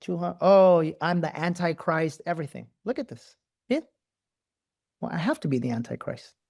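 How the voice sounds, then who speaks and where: Animated man leading a live spiritual talk. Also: on the high side, normal speed, creaky. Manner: animated, profane, repeats words in bursts. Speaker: host.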